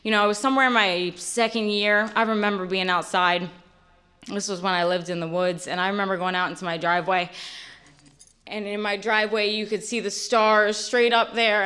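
A woman's voice: medium pitch, fairly even intonation, normal speed, sharp tone. A woman in her late twenties giving a candid, rambling personal testimony at a recovery meeting, full of fillers. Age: late 20s.

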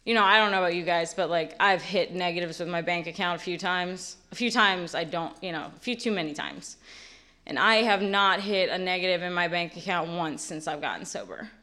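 Bright-voiced woman in her late twenties. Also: fairly low pitch, brisk. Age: late 20s. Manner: candid, rambling, filler-heavy. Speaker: recovery meeting speaker. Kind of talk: personal testimony at a meeting.

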